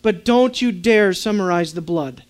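A man preaching a sermon to a congregation, asking them questions and swinging between soft low asides and emphatic raised points. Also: unhurried. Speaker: pastor. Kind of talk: sermon teaching.

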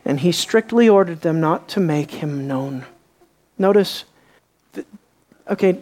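A woman teaching a Bible class in a sermon style, acting out quoted lines with sudden jumps in pitch and volume. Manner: animated, acts out quotes with rising pitch and volume.

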